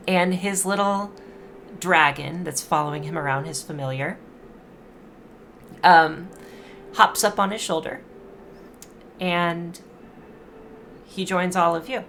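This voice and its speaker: Halting low-voiced woman game master. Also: a bit bright, a little hiss or hum. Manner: halting, searching for words with many fillers. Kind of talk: narrating a tabletop game.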